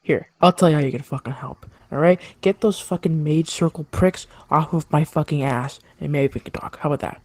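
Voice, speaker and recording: Game master doing a hostile rebel leader, fast, swearing, sarcastic, dry sound. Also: mid-range voice, no room sound, lightly acted.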